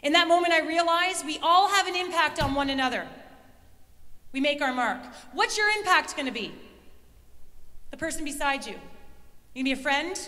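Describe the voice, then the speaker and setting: High, bright woman speaker in a hall. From Canada. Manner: rousing, addresses audience directly. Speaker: keynote speaker. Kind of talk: motivational speech. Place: large event hall. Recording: reverberant hall.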